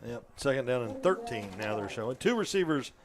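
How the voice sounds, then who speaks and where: A man calling play-by-play for a high school football game, steady and matter-of-fact with occasional fillers. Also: brisk, a crowd in the background. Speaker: play-by-play announcer.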